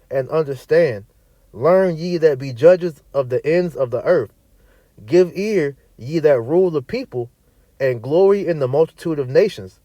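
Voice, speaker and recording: Emphatic preacher man, slightly high and dark. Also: dry recording. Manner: emphatic, repeats "all right" and "man"; reads verses aloud in archaic wording. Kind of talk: scripture teaching.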